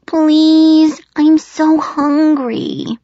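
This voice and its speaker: Eerie, demanding small boy, voiced by a woman narrator: whining pleas that turn to low menace, in a slightly lo-fi recording. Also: very animated, drawn-out words, creaky, dry recording, heavily acted. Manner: whiny, then growling and menacing. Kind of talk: audiobook narration. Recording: slightly dull lo-fi audio.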